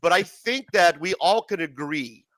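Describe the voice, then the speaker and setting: A man with a high, bright voice chats loosely through a late-night livestream, cursing and laughing as he reads out comments. The sound is dry and close, with no room around it. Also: lively intonation, unhurried, dry recording. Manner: profane, laughing, loose banter. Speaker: livestream host. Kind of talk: casual livestream chat reading comments.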